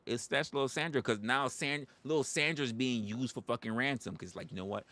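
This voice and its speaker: A man's voice: mid-range voice, a little fast, hardly any pauses, sharp tone, no room sound. A man hosting a livestream, ranting comically and profanely. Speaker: livestream host. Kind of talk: comedic rant.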